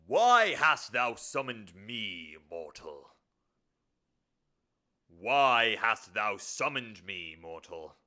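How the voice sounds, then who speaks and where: A menacing demon speaks in slow, drawn-out, archaic pronouncements, cold and grand. The voice sits low and lands heavily on each word, as a man puts it on. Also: very animated, bright, forceful tone, full character voice.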